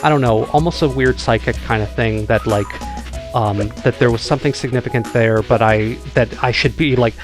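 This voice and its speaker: A man's voice: medium pitch, moderate pace. A man with a Midwestern American accent, chatting casually and reflectively while playing a game, hedging and restarting his sentences. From United States. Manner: rambling and reflective, full of hedges and restarts. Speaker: co-host, gamer. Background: game music.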